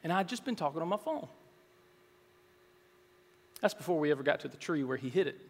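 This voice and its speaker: A pastor preaching a sermon in earnest, swelling to loud, emphatic passages. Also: male voice, on the high side, expressive, fairly quick, creaky. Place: church sanctuary. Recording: long reverb in a large hall.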